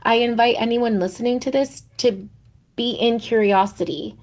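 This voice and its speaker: A woman's voice: a little high, moderate pace, a little mellow. Woman telling a reflective personal story. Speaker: podcast co-host. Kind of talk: heartfelt podcast conversation.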